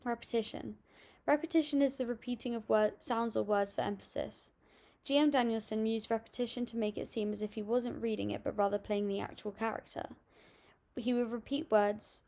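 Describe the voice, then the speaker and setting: A young woman reading out a school assignment on voice techniques, steady and a little halting, with small restarts. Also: fairly high pitch. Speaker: student presenting an assignment. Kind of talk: read-aloud school presentation.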